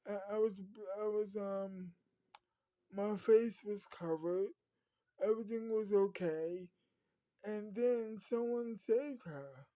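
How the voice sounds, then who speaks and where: A woman's voice: mid-range voice, slow pace, mellow, dry recording, natural voice. A woman doing a stammering, remorseful boyfriend. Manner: apologetic, stammering. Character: remorseful young man, upset boyfriend.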